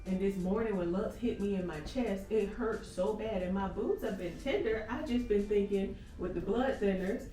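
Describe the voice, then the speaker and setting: A woman vlogger, telling a lively story in casual chat and acting out each conversation. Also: mid-range voice, normal speed, few pauses. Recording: echoey room, far from the mic, music behind.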